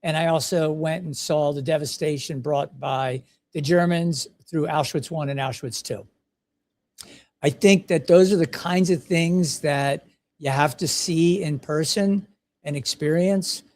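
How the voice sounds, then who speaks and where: Older male podcast host, slightly high voice, chatty and self-deprecating. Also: measured pace, darkish tone. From United States. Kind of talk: casual storytelling.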